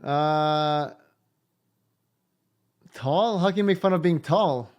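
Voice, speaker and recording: A man's voice: on the high side, slow, darkish tone, faint music behind. A male streamer making dry, offhand comments while playing a game.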